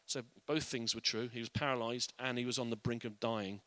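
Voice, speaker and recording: Man, earnest Bible teacher, conversational, bright tone, dry close sound. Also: mid-range voice, fairly even intonation, a little fast, dry recording.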